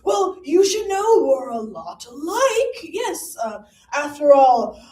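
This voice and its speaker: A comedian voicing the pompous ghost of an old founding father, speaking in a grand, high, quavering voice. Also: sing-song, takes it slowly, darkish tone, roomy sound, recorded from a distance, full character voice.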